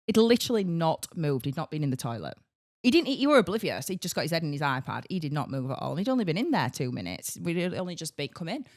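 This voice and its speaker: A woman, co-hosting a podcast and telling a story in a casual, animated way, laughing through her words. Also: low voice, fast. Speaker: podcast co-host.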